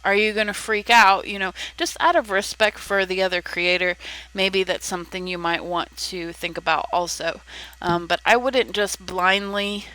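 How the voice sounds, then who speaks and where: A woman's voice: on the low side, steady tone, moderate pace, bright, forceful tone, rough recording. A young woman giving casual advice in a tutorial vlog, chatty, with frequent ums and restarts. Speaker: content creator giving advice.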